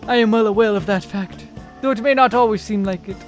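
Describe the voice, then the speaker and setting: A dreamy, self-important young painter who speaks in lofty, ornate sentences, voiced by a man reading game lines aloud. His voice sits very high, with faint music underneath. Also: a little fast, lightly acted. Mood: pensive. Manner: theatrical, flowery formal speech. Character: pompous young male artist, grandiose and dreamy.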